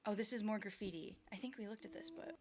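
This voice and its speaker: A woman's voice: medium pitch, very noisy. A woman streamer chatting casually as she reacts to and comments on clips. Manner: bursts into excited fast talk.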